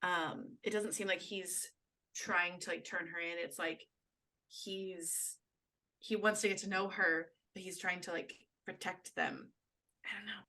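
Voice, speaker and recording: A woman's voice: lowish voice, fairly even intonation, measured pace, sharp tone. A woman co-hosting a podcast, musing on a film scene in casual chat with lots of agreeing. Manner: frequent agreeing backchannels, musing opinions. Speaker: podcast co-host.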